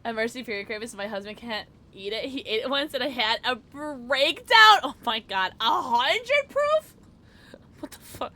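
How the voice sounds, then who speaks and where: A woman's voice: fairly high pitch, moderate pace, few pauses. Bubbly, tipsy woman streamer. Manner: bubbly, excitable, squeals and laughs a lot. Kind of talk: casual live-stream chat while gaming.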